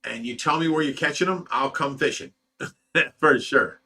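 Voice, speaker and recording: Bright-voiced man chatting on a livestream. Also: mid-range voice, moderate pace. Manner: loose, chuckling, blunt and animated storyteller. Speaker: fish rescue host reading viewer comments. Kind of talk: casual livestream chat.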